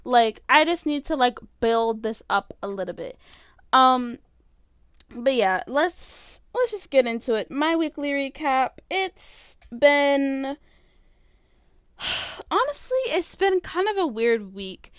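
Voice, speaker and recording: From her bedroom, a girl in her late teens hosts a casual solo podcast in a high, smooth, clear voice. She talks slowly and expressively, rambling with lots of fillers and showing her emotions openly. The recording is dry and close, with no room echo.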